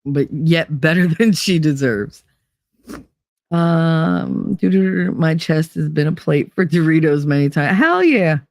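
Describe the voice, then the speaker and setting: Reading comments aloud and chatting on her live stream, a New Jersey-accented host is highly animated and emphatic, her speech full of inflection. She has a low-pitched voice at a measured pace, and the clean studio sound has no echo.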